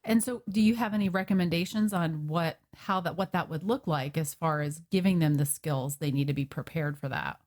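A woman's voice: low-pitched, a little fast, few pauses, a little mellow. A woman hosting a podcast, asking short questions and making listening sounds. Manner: brief prompts and listening sounds. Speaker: podcast host. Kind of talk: interviewing.

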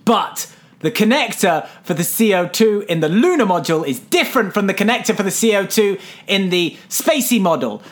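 A man's voice: high voice, animated, moderate pace. A man casually recapping a film on a podcast, playful and rambling, often breaking into silly character voices. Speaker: podcast co-host.

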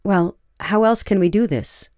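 A woman voicing a nervous, awkward young woman scribe who speaks in a halting, low-key way. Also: darkish tone, no echo, studio quality, close to an everyday voice.

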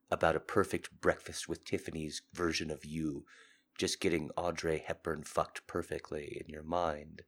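Deep husky man with a sick voice. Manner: earnest, seductive, swinging between loud urging and soft murmurs. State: sick, hoarse voice. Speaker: podcast host. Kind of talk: intimate confessional monologue.

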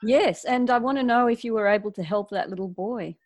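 A woman's voice: fairly high pitch, a little fast. A woman interviewer asking careful, slightly hesitant questions.

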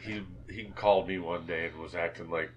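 A man in a band, chatting casually and swearing as he tells animated stories. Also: sits low, a little fast, highs cut off, a little hiss or hum. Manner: profane, animated storyteller. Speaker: band member. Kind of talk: casual chat.

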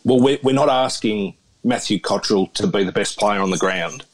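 An Australian man co-hosting a sports podcast on a phone, talking in a measured, reasoning way. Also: fairly low pitch. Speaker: podcast co-host. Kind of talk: casual sports podcast chat.

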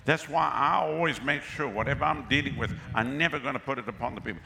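A man's voice: medium pitch, brisk, creaky, few pauses, sharp tone. A man preaching a sermon as pastor. He is exclamatory and keeps calling out to the crowd for responses, in a venue with a crowd. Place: outdoor pavilion with a crowd. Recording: long reverb with faint ambient noise.

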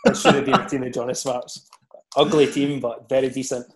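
A Scottish man, a former footballer, chatting casually and telling animated stories with laughs. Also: medium pitch, a little fast. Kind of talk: casual podcast chat.

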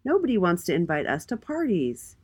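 A woman's voice: lowish voice, huge pitch swings, brisk, slightly rough, pitched above the performer's own voice, exaggerated voice. A woman voicing a second fretful little pea twin in a children's storybook.

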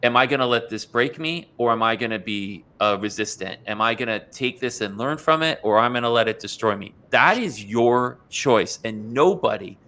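Man, podcast host, mid-pitched, eager, earnest, stumbling restarts. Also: animated, normal speed, few pauses, sharp tone. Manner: enthusiastic, earnest, sometimes stumbling. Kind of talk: casual conversation.

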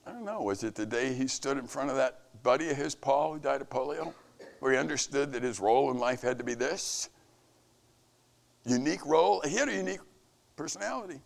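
A man's voice: animated, a little fast, creaky. A man giving an earnest devotional message to camp staff, preaching with rising and falling emphasis. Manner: earnest, preaching, rises and falls in pitch. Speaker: camp leader.

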